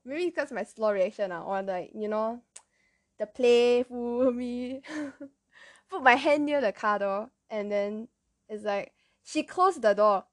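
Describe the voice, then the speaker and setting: A young woman with a Malaysian English accent tells childhood stories in a loose, rambling way, laughing at herself often. Her voice sits fairly high. The sound is dry and close, with no room around it. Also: a bit bright, no echo. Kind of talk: casual storytelling.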